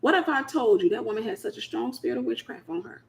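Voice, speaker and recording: A woman's voice: fairly high pitch, lively intonation, quick pace, creaky. A woman from the United States hosting a casual Christian teaching talk, speaking in an emphatic, colloquial way and repeating her key phrases. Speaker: host.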